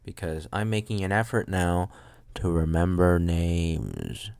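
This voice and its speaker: A young man hosts a solo podcast from a room at home where a loud air conditioner runs. His low voice is expressive, creaky, a little mellow and smooth at a measured pace, and he rambles and jokes at his own expense, often trailing off and starting over.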